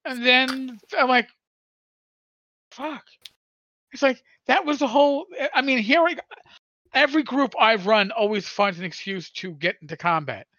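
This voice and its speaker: A man's voice: very high-pitched, animated, normal speed, pushed and bright, no echo, dull audio. A man in his sixties, a podcast co-host, telling a long rambling story in casual chat with many stammers and restarts.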